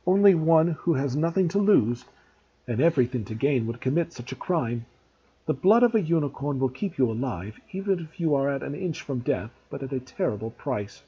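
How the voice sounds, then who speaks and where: A man's voice: mid-range voice, expressive, normal speed, warm tone, breathy edge, dull audio. A man reading a grave young centaur.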